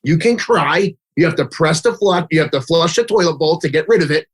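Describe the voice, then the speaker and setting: A man's voice: fairly high pitch, animated, brisk, breathy edge. A man who coaches youth baseball, telling stories in a casual interview, chatty and full of "like", acting out quotes. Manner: chatty, fills speech with "like", acts out kids' and his own quotes. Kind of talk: casual interview chat, storytelling.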